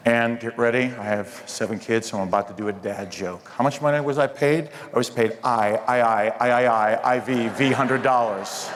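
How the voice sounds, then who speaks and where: A man's voice: mid-range voice, fairly even intonation, normal speed, few pauses. A man performing live stand-up comedy with playful crowd work at a hotel event. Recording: reverberant hall with crowd noise.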